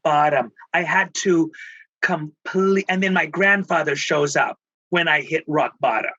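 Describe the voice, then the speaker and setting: A man's voice: on the high side, unhurried, pushed and bright, highs cut off. A middle-aged man from Texas, a spiritual healer and life coach, telling personal stories expressively and slipping into Spanish endearments. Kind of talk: emotional storytelling in conversation.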